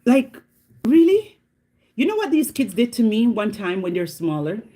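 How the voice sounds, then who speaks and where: This middle-aged Jamaican woman vlogs in a casual chat, telling a story with animated, dramatic, exclamatory flair. Her voice sits in the mid-range and moves at a moderate pace, carrying a Jamaican accent.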